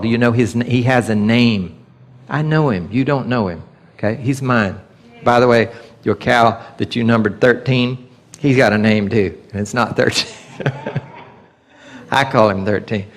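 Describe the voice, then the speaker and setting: A man's voice: mid-range voice, steady tone, normal speed. Conversational male Bible teacher. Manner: conversational, acts out God's voice in quotes. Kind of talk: sermon teaching.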